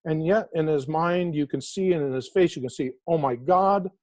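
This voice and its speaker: In a dry recording, a man with a slightly high voice is interviewed as an author. He shares an inspirational story with lively emphasis, easing his pace to underline key words.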